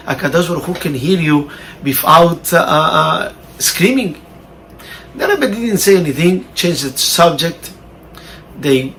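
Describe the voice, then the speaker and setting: High bright-voiced man preaching. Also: creaky, a little hiss or hum, rough recording. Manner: tells a parable, raising his voice for quoted lines; non-native English phrasing. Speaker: Torah teacher. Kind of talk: sermon with storytelling.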